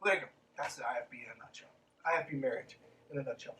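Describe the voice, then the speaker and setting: A man's voice: fairly high pitch, expressive, fast, fairly bright tone, recorded from a distance, rough recording. A man hosting a podcast, reading a book aloud and breaking off into snarky, sarcastic commentary with plenty of swearing.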